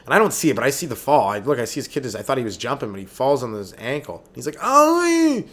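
A young man doing a rambling, profane comedy monologue as a stand-up podcast host, who keeps breaking into quick acted voices and yells. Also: mid-range voice, expressive.

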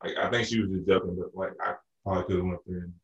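This Arkansas man co-hosts a podcast, and his very low voice rattles through a rambling story at a rapid-fire clip, with the high frequencies cut off. Fillers and restarted sentences pile up throughout the easygoing conversation. Room echo is noticeable, and he sounds somewhat distant from the microphone.

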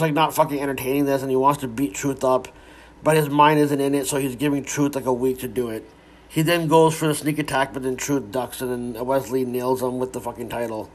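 A man's voice: medium pitch, a little mellow. A man giving a casual, rambling recap of a wrestling show, with frequent restarts and some swearing.

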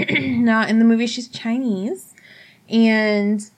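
A woman casually retelling a movie plot, animated and profane, acting out quotes along the way. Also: fairly high pitch, slow pace. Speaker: podcast co-host. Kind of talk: casual chat.

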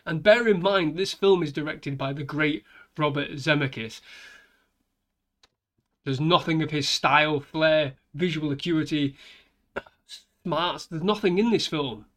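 A man's voice: on the high side, unhurried, pauses often, fairly bright tone. A man giving an exasperated, sighing film review rant, swearing often.

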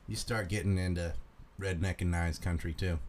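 A man's voice: sits low, steady tone, normal speed, a little mellow. A man with a Carolina Southern accent, ranting bluntly and profanely on a casual livestream while reading out viewer donations.

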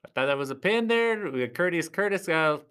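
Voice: fairly quick, smooth. A vlogger giving casual play-by-play commentary at a live event, chatty and laughing often. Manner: chatty, laughs often, lively swings in pitch. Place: at a live arm-wrestling event.

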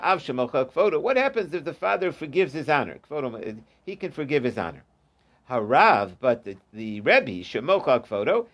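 Guy teaching talmud casually, gravelly voice, kinda high, lots of ums and restarts. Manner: reads Aramaic then explains in English, with many fillers and restarts. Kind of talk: informal Talmud class.

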